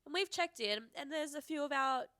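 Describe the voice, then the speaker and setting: A young woman, co-hosting a podcast in a chatty style, quick to jump in. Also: sits high, sharp tone, dry recording, studio quality. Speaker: podcast co-host. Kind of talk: casual chat.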